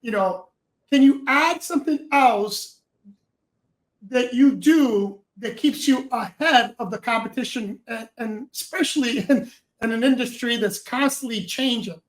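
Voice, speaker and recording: A woman's voice: on the high side, measured pace, poor audio. A woman hosting a podcast, praising her guest and asking long, stumbling questions. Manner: warmly encouraging, stumbles through long questions. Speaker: podcast host. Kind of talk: interviewing.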